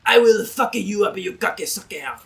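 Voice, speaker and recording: A man's voice: sits high, animated, moderate pace, vocal fry, voice pushed up. A man voicing a rude, aggressive goliath chef barbarian in an over-the-top cartoon French accent. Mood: enraged. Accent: mock French.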